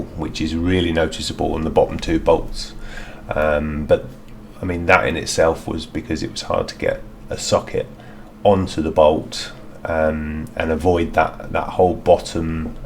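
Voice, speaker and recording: A man's voice: extremely low pitch, slight background noise. A man outdoors in a garden, talking through a DIY product review in a rambling, hesitant way with many fillers.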